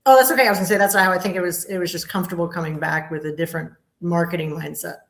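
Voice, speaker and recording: A woman's voice: on the low side, fairly even intonation, rapid-fire, creaky, roomy sound. A woman in her fifties, a comedian guest telling candid stories in a casual interview chat. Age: 50s. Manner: candid, storytelling, upbeat.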